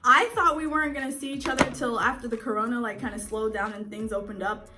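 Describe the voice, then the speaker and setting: A woman's voice: on the high side, fairly even intonation, quick pace, very noisy. A woman in her twenties, chatty and giggly, telling the story of how she met her partner, full of likes and you knows. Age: 20s. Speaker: co-host telling a couple's story. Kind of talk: casual chat. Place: indoors at home in front of a screen.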